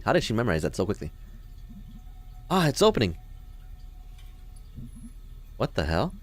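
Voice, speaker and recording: Low-voiced young man joking through gameplay. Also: wildly swooping pitch, moderate pace, long pauses. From Chicago, US Midwest. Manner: joking, talks back to the game characters. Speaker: let's play host. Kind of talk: casual gameplay commentary.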